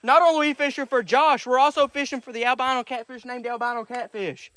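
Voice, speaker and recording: Excitable high-voiced man outdoors. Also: fast, dry recording. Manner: excitable, gushing when surprised. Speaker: vlogger. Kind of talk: casual outdoor fishing vlog. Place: outdoors by a pond.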